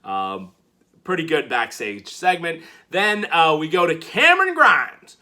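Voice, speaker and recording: Man reviewing wrestling, casual recap, fairly high voice, very lively pitch. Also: measured pace. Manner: animated, acts out quotes in playful voices.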